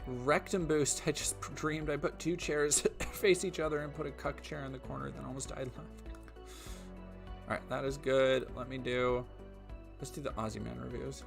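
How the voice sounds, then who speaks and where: A man's voice: mid-range voice, fairly even intonation, moderate pace, gravelly, music in the background. A tired man chatting casually on a live stream, rambling and trailing off, his voice giving out. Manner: rambling, trailing off, many fillers.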